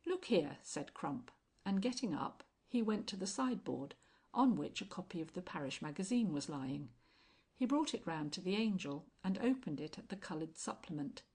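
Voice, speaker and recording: A woman narrating an audiobook in a calm, measured way. Her voice is low and breathy, steady from sentence to sentence.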